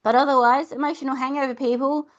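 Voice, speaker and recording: A woman's voice: sits high, steady tone, fast. Chatty woman, lo-fi. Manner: chatty, warm reassurance, acts out mum-and-child exchanges. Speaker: podcast host. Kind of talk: casual advice talk.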